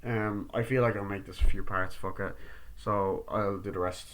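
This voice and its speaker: A man giving a casual, profane movie review, excitedly acting out the scenes in different voices. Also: on the low side, moderate pace.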